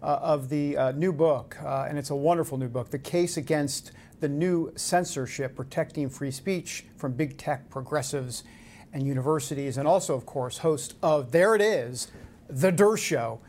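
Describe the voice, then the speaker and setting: A male talk show host introducing guests and headlines, prone to excitable, emotional asides. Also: a little high, moderate pace, a little hiss or hum. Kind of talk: political talk show hosting.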